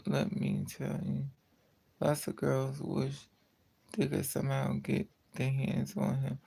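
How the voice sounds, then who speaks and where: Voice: medium pitch, completely flat delivery, takes it slowly, creaky, dark tone, breathy edge. A livestreamer in casual chat with viewers, telling stories bluntly and with lots of swearing, sounding tired and trailing off at times. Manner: profane, blunt storytelling.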